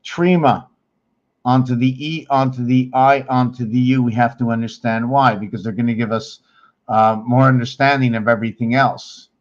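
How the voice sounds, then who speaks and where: A man hosting his own channel, talking viewers through his screen slowly as he searches for things, rambling and correcting himself along the way. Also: medium pitch, fairly even intonation, dull audio. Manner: slow, rambling, searching aloud with many pauses and self-corrections. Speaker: channel host teaching on screen. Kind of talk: thinking-aloud screen walkthrough.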